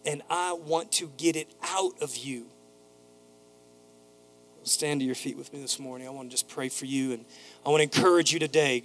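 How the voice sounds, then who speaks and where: A man's voice: on the high side, normal speed, long pauses, faint music behind. A man preaching a sermon as pastor, building to emphatic repeated phrases and telling a neighbor's story in a casual voice. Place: church sanctuary.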